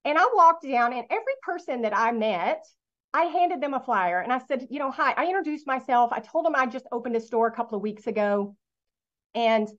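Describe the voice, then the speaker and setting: A woman's voice: fairly high pitch, dull audio. A middle-aged woman, telling her business story to an audience and asking them questions in a motivational talk. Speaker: network marketing speaker.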